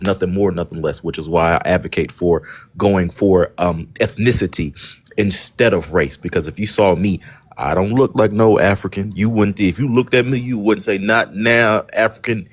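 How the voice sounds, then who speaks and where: Man, low voice, combative, mocking, heated panel debate. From North Carolina. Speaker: panel guest. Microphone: online call, at work.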